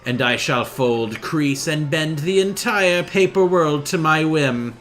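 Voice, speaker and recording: A man voicing a grandiose male origami king villain, drawing his lines out slowly and theatrically while reading game dialogue aloud. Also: on the high side, lively intonation, fairly bright tone, pitched above the performer's own voice. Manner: slow, drawn-out and theatrical.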